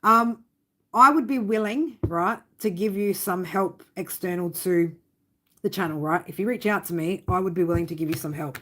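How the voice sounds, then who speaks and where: A woman's voice: on the low side, moderate pace, pushed and bright. Woman, tarot reader, blunt, swearing, tough love, casual live reading. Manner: blunt, swearing, fond tough-love talk with many "right?" tags.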